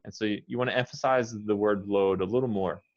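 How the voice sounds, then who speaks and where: American man coaching pronunciation, low voice. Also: steady tone, muffled recording. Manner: patient, models words slowly and corrects gently. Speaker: English teacher.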